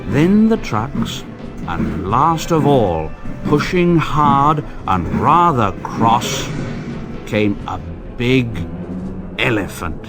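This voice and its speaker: Man, storybook reader, slow deliberate pace, lively pitch, expressive, faint music behind. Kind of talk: storybook reading aloud.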